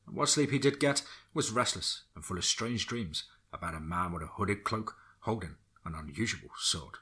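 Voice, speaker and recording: A man narrating a dark horror story in a steady storytelling manner. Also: normal speed, husky. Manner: steady storytelling, drops low for grim lines.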